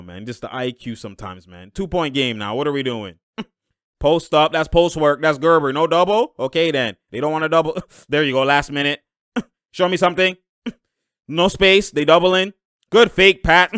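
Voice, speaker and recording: A young man calls out a basketball game as he watches it, slangy and excitable, laughing a lot and hollering at the plays. His voice is bright and crisp and sits a little high. The sound is dry and close, with no room around it. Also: no echo. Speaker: basketball commentator reacting to a game. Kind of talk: live game reaction commentary.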